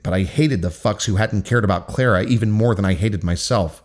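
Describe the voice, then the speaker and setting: A man's voice: lowish voice, moderate pace, few pauses, a little mellow. A man reading a first-person novel aloud in an intense, angry, profane manner. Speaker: audiobook narrator.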